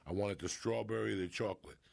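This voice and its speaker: A man's voice: fairly low pitch, steady tone, quick pace, creaky. A middle-aged man with a Cuban family background, telling a profane, comic story and acting out his relatives as a podcast guest. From Cuban family in New Jersey. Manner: swears constantly, acts out family members mid-story.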